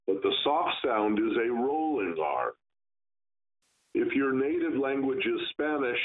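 A man teaching Kabbalah, giving a slow, stern lesson on pronouncing Hebrew letters and stretching words to demonstrate. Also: mid-range voice. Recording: tinny phone-like sound.

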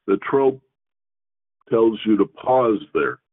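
Male Torah teacher, measured reading with teaching asides, tinny radio broadcast. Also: lowish voice, expressive, slightly rough. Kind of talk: scripture reading with commentary.

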